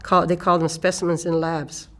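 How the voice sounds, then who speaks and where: An older woman from eastern Canada, an elder telling a personal story in an unhurried way and repeating phrases for emphasis. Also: fairly low pitch, flat delivery, a bit bright.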